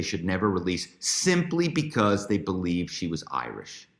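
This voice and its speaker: Low-voiced man telling stories. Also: big pitch swings, a little slow, hardly any pauses, fairly bright tone. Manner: chatty, many fillers and restarts. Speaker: guest, author and former corporate spy. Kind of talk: storytelling interview.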